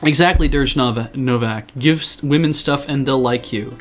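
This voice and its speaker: A man's voice: medium pitch, normal speed, few pauses, a bit bright, faint music behind. A man streaming a farming game, chatting casually with his viewers and poking fun at himself. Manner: chatty, self-deprecating, answers chat. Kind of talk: casual game commentary to chat.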